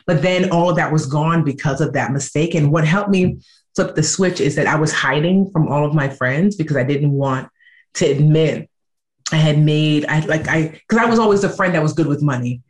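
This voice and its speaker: A woman in her thirties, a guest in an interview, telling her story in a lively, animated way. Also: low-pitched, moderate pace. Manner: animated, acts out quoted voices.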